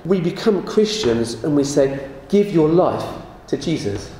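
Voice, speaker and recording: A man's voice: fairly high pitch, sing-song, measured pace, warm tone. A man teaching a sermon in a conversational way, often asking his listeners rhetorical questions. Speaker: preacher. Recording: very echoey room with faint noise.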